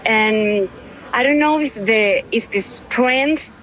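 A woman in her thirties from Venezuela, speaking in an interview in a halting, tearful way, restarting and repeating words. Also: a little high, a bit bright, highs cut off. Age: 30s. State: tearful, emotional. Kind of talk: emotional phone interview.

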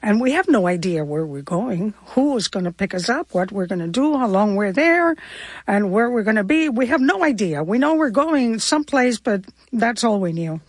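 A woman's voice: medium pitch, sing-song, moderate pace, husky, no echo. An older woman from Cuba, a guest in an interview, recalling her past in a heartfelt, vivid and reflective way. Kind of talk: personal storytelling interview.

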